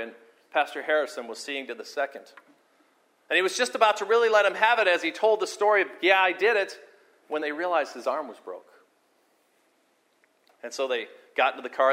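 A pastor preaching a sermon, earnest and storytelling, moving between forceful emphasis and quiet, intimate moments. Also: male voice, on the high side. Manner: animated storyteller, repeats words for emphasis.

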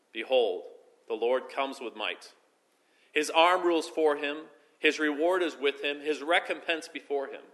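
A pastor delivers a sermon in a bright, forceful male voice. He presses key phrases with emphasis, then lets sentences fall away quietly and slowly. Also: mid-range voice. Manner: preaching with rising emphasis and soft, slow drops at phrase ends.

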